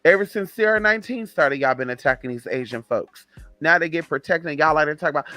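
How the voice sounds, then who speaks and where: Young man, from the Southern US, flamboyant, sassy live-stream chat, mutters low asides, dry close sound. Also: lively intonation, fast, pushed and bright, no room sound, faint music behind.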